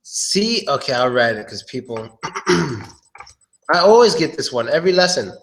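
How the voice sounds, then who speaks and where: A man teaching English pronunciation in a casual live online lesson. He talks in a loose, chatty way, repeats words and often clears his throat. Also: medium pitch, very animated, measured pace, fairly bright tone, slight background noise, poor audio.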